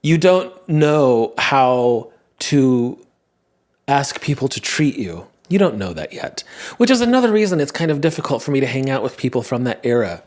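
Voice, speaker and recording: A man in his thirties, a comedian, hosts a podcast and muses aloud in a rambling, self-questioning casual monologue. His mid-range voice is sing-song and a little mellow, and he talks fast.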